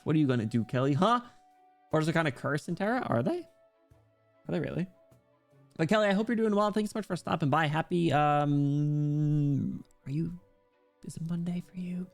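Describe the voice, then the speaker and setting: Playful chatty male streamer. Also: a little high. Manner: playful, chatty, laughs often. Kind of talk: casual chat with viewers.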